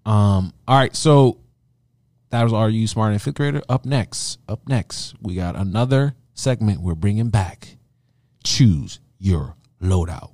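A man co-hosting a casual podcast, animated and laughing, rambling with lots of restarts. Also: fairly low pitch, normal speed, no room sound, studio quality. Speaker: podcast co-host. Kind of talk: casual chat.

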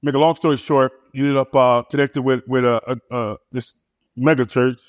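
A man talks through his story as a pastor, stumbling over repeated words and fillers between phrases. His voice sits at an ordinary middle pitch and sounds close and dry, with no room echo around it. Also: steady tone, normal speed. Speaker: pastor and church planter. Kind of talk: casual conversational storytelling.

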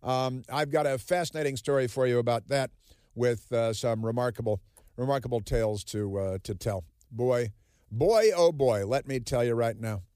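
A man's voice: mid-range voice, normal speed, warm tone, smooth, no room sound, clean studio sound. A man hosting a political talk radio show, sarcastic and combative. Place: radio studio. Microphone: studio microphone.

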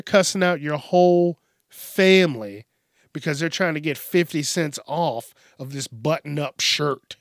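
Male podcast host, higher-pitched, dry close sound; profane, animated rambling monologue. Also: unhurried, no room sound. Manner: profane, animated, acts out quoted rude customers.

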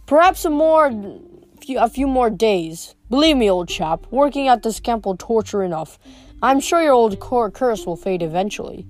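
A woman's voice: a little high, lively intonation, normal speed, few pauses, a little mellow, close to an everyday voice. A woman reading aloud, voicing a bored, mocking immortal male god with false sympathy.

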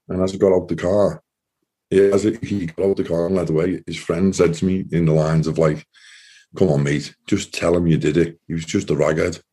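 A man with a deep, husky voice tells his story in a loose, rambling way. His tone is mellow and dark, and "you know" fills many of his sentences. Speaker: interview guest. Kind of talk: casual storytelling.

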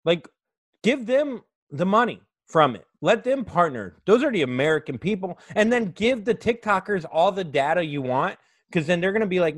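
A man's voice: sits high, expressive, moderate pace, no echo, clean studio sound. A young adult man hosting a comedy podcast, ranting sarcastically with lots of swearing and mock voices. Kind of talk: comedic monologue.

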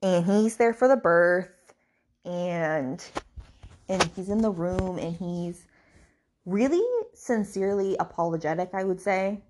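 A woman with a slightly low voice recaps a book for her podcast listeners, wandering through the plot in a loose, conversational way. She often backtracks, fills gaps with fillers and restarts her sentences as she goes. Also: measured pace, a little mellow, slight background noise. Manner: chatty, rambling, with many fillers and restarts. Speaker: podcast host.

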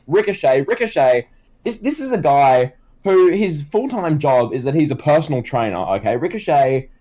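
A man's voice: a little high, big pitch swings, normal speed, dark tone. A man co-hosting a casual comedy chat who tells rambling stories full of fillers and restarts. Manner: rambling, filler-heavy storytelling. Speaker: co-host.

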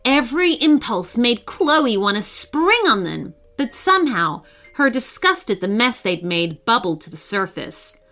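A woman narrating a children's story in a scripted, expressive way with dramatic pauses. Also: a little high, faint music behind.

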